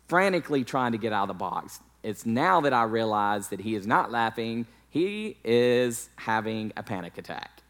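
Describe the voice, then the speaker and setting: Pastor, male, 30s, mid-pitched voice; candid, self-deprecating sermon storyteller. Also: lively intonation, unhurried, fairly bright tone.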